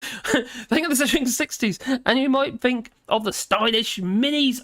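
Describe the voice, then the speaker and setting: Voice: mid-range voice, a little slow, fairly bright tone, no room sound, studio quality. A British host in their fifties, chatting casually on a live stream and reading out notes, rambling off on tangents and laughing along the way. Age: 50s. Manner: rambling, chatty, often laughing and wandering off topic. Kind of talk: casual commentary reading and digressing.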